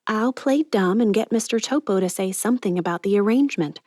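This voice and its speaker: A woman reading an audiobook, voicing an earnest, idealistic young woman who speaks softly and sincerely. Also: mid-range voice, brisk, no room sound, clean studio sound, voice pushed up, natural voice. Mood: hopeful. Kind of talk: audiobook character voice.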